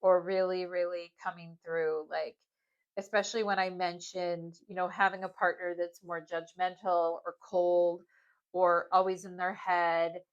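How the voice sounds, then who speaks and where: A woman's voice: lowish voice, little pitch movement, unhurried, smooth, lo-fi sound. A woman giving a casual pick-a-card tarot reading, talking in loose, rambling sentences full of "like" and "um" and often checking in with "okay?". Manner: rambling, filler-heavy, keeps asking "okay?". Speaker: tarot reader.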